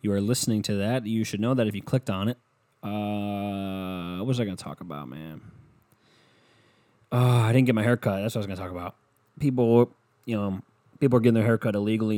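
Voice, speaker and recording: Low-voiced man ranting on his podcast. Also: a little fast, mellow, no echo. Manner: profane, rambling, self-mocking. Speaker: podcast host. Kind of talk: casual solo podcast rant. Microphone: headset.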